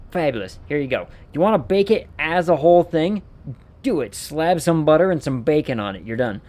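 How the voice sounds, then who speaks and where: A man's voice: on the high side, darkish tone. A man streaming a game, riffing with playful mock outrage and rambling enthusiasm. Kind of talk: casual gameplay commentary.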